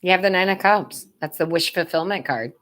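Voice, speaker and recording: A woman's voice: on the low side, a little fast, fairly bright tone. A woman giving tarot readings on a live stream, who chats with her viewers, calls them love and sweetheart, and laughs often. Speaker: tarot reader and medium.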